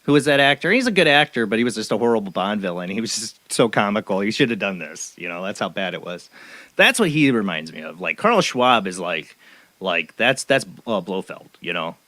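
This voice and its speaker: A man's voice: on the low side, big pitch swings, a little fast, bright, forceful tone, dry recording. A man hosting a casual call-in radio show, joking, laughing often and trailing off mid-sentence.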